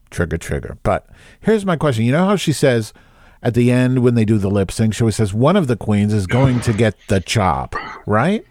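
A man hosting a podcast, chatting casually with a deadpan, teasing, provocative manner. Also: on the low side, no room sound, studio quality. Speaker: podcast host. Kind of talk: casual chat.

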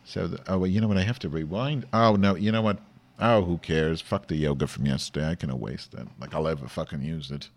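A man's voice: low-pitched, fast. A man playing a brash, short-tempered woman podcast host who rants sarcastically and swears at the listeners. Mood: irritated. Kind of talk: comedic podcast monologue.

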